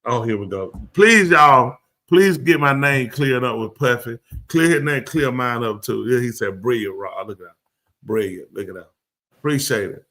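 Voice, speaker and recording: Man hosting a live show, bright punchy voice, aave, goofy and repeating himself. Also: mid-range voice, moderate pace. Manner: playful, repeats words, drawling and animated. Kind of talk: casual live-stream banter.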